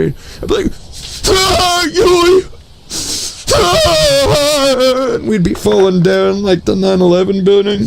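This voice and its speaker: A man streaming a game in casual commentary, excitable and joking, with lots of swearing and bursts of shouting. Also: fairly high pitch, gravelly, slight background noise.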